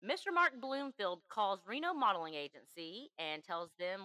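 A woman's voice: mid-range voice, lively intonation, moderate pace, few pauses, sharp tone, dry recording, poor audio. A woman hosting a true crime podcast, telling the story in an emphatic, chatty way. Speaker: podcast host.

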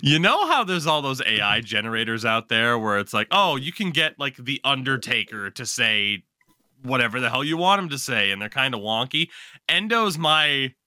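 A man's voice: mid-range voice, sing-song, normal speed, pushed and bright, no room sound, clean studio sound. A man hosting a podcast, chatting casually about sports and joking often with a bit of profanity. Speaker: podcast host.

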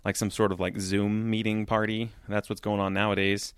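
A man's voice: fairly low pitch, level tone, normal speed, clean tone, dry recording, studio quality. A man telling a rambling, profane comedic story, full of fillers, as a podcast host.

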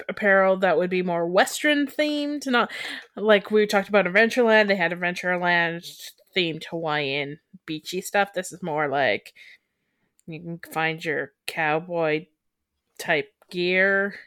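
A woman's voice: lowish voice, measured pace, fairly bright tone, no echo, clean studio sound. A woman from western Canada co-hosting a podcast in casual chat, rambling and restarting her thoughts as she goes. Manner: chatty, trails off and restarts mid-thought. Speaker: podcast co-host.

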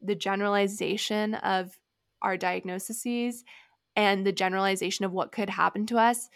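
A woman co-hosting a podcast, telling a personal story with lively acted-out quotes in casual chat. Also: medium pitch, normal speed, dry recording, clean studio sound. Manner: animated storyteller, acts out quoted dialogue. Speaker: podcast co-host.

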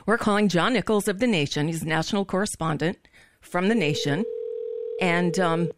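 A woman's voice: fairly low pitch, normal speed, background noise. A woman hosting a political talk radio show, upset and shaking with anger, stammering through emphatic outbursts. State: shaken and upset.

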